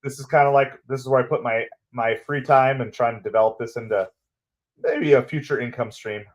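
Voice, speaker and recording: A man's voice: mid-range voice, brisk, muffled recording. A man hosting a live baseball watch-party stream, chatting casually with viewers in an upbeat way and laughing often. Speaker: livestream host and baseball commentator.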